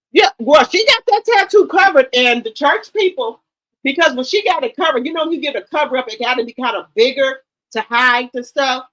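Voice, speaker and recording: A woman's voice: fairly high pitch, a bit bright, rough recording. A middle-aged woman hosting a casual livestream, talking bluntly to her viewers and repeating herself for emphasis. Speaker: livestream host.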